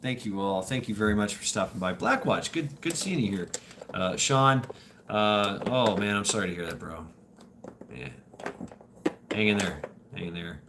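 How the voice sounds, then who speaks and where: A male host on a livestream loosely recounts stories to his audience, swearing and laughing along the way. His voice is on the low side at a moderate pace, and the background is noisy.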